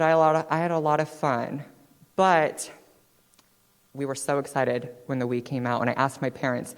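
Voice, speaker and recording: A woman in her twenties, a guest speaker telling her own story on stage in a chatty, animated way, often checking in with "right?". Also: rumbling low, moderate pace. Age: 20s. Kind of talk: personal storytelling talk. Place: stage in a hall. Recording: long hall reverb.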